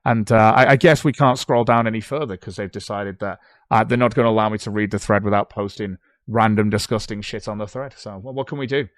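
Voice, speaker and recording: A British man reads posts aloud on a livestream and answers them with sarcasm and swearing, casual commentary delivered briskly. His voice is lowish with fairly even intonation, and the recording is dry with clean studio sound.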